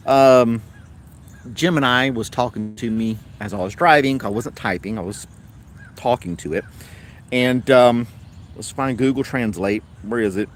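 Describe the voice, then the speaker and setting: A man's voice: medium pitch, unhurried, slight background noise. A man with a Tennessee accent hosting a casual livestream chat, rambling along in an easygoing way. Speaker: host.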